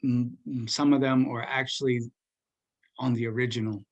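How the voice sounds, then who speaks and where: A male teacher talks casually in class, rambling from point to point with plenty of ums and uhs. He keeps things light and joking, at a medium pitch for a man. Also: fairly even intonation, normal speed. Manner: rambling, joking, full of fillers.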